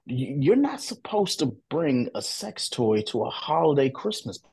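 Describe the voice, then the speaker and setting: A man's voice: medium pitch, very animated, measured pace, a little mellow, slightly rough, dry recording. A man on a podcast telling blunt, profane stories in casual chat with friends.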